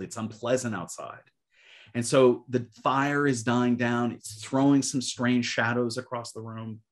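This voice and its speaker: A man teaching literature in an online webinar, reading verse aloud with rhythmic swells, then explaining it with many fillers. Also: medium pitch. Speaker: literature professor. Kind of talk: webinar lecture with recitation. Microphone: webcam or desk mic on a video call.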